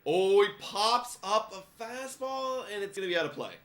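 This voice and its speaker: Lively, bright-voiced young man calling a game. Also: high voice, moderate pace. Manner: chatty, rambling, laughs often. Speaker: podcast host. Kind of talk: live play-by-play reaction.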